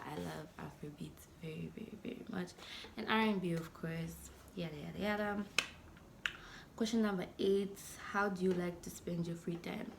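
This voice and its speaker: Gravelly young Zambian woman vlogging. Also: lowish voice, a little mellow, slight background noise. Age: 20s. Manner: chatty, playful, often drops to a near-whisper. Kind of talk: casual to-camera vlog.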